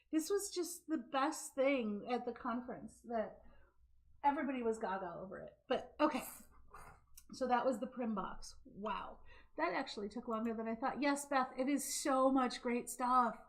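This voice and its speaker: Talking straight into her camera mic from home, a woman with a slightly high voice hosts a casual live craft show. She's chatty and laughs easily, turning hyper and fast when excited, then slows to demonstrate a knitting stitch.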